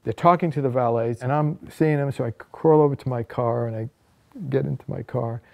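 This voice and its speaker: A man, an author, telling a first-person story from his own life, his voice rising and getting louder at the dramatic moments. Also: medium pitch, a little fast, creaky, muffled recording. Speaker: author recounting a personal anecdote.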